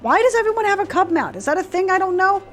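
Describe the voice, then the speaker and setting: Playful, sarcastic high-voiced woman streamer. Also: animated, fast, faint music behind. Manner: playful, sarcastic, swears freely. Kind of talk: casual gameplay commentary, reading game dialogue aloud.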